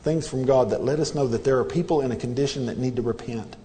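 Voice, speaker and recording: A man's voice: mid-range voice, quick pace, warm tone, in a large hall. A man preaching a sermon in a church, earnest and repetitive, pressing his listeners with rhetorical questions. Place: church sanctuary.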